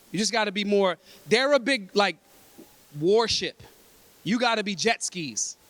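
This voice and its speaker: A man's voice: sits high, a bit bright, no echo. A man from Philadelphia addressing a convention breakfast, talking in an emphatic, streetwise, freely swearing way. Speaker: convention speaker. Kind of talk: blunt, profane talk to a room.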